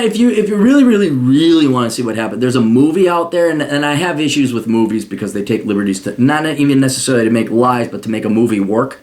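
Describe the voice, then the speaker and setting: Male podcast host, ranting monologue, sarcastic, foul-mouthed, swooping intonation, mid-pitched. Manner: profane, sarcastic, animated.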